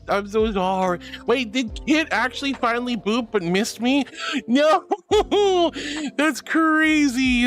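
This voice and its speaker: A woman streamer with a bubbly, giggly, affectionate manner, chatting casually and reading her chat aloud. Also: a little high.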